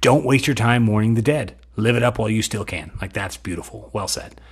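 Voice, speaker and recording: Gravelly, rambling comedic man. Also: lowish voice, brisk. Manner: rambling, self-deprecating, many fillers and restarts. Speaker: comedic host. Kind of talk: comedic monologue.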